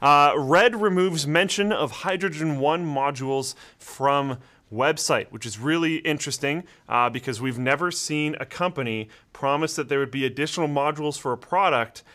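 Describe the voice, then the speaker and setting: A man's voice: fairly high pitch, normal speed, fairly bright tone. A man co-hosting a casual tech talk show, reading the news with dry sarcasm. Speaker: show co-host. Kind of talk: casual chat.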